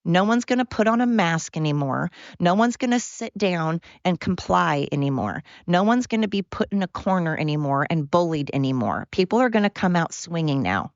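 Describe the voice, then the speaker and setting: A woman's voice: fairly low pitch, lively intonation, moderate pace, few pauses, no room sound, dull audio. A woman hosting her own podcast, ranting in a heated, blunt way and swearing freely. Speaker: podcast host. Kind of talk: solo podcast rant.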